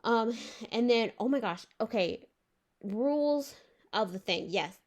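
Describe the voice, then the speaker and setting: A woman's voice: a little high, lively intonation, unhurried. A young woman vlogger telling a story in a casual rant, exasperated, swearing and filling her talk with "like". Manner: exasperated, swears and says "like" often.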